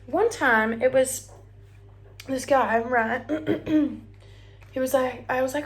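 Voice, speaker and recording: A woman's voice: sits high, slow, pauses often. A young woman in her twenties with an Australian accent, chatting casually while straightening her hair at home, often dropping to a near whisper. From Australia (Brisbane). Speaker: vlogger. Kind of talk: casual get-ready-with-me chat.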